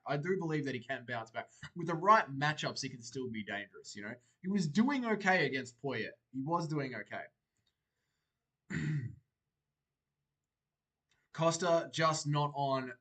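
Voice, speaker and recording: A young man hosting a livestream, reading viewers' comments aloud and answering them in a relaxed, chatty way. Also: fairly high pitch. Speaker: livestream host. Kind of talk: casual chat reacting to live chat.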